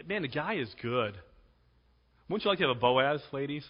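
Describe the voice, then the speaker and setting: A man's voice: mid-range voice, lively intonation, moderate pace. A man pastor preaching a sermon in a conversational, storytelling way, repeating words for emphasis. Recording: dull sound in a reverberant hall.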